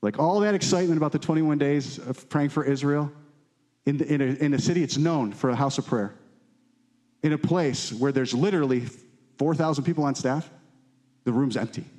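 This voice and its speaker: Moving at a brisk clip, this pastor delivers his sermon fervently, soaring up in pitch for important lines and sinking low and soft for others.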